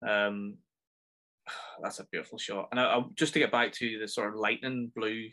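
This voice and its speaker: Bright-voiced Northern Irish man chatting. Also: fairly low pitch, fairly even intonation, normal speed. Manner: chatty, rambling, enthusiastic. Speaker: podcast host. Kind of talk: casual film review chat.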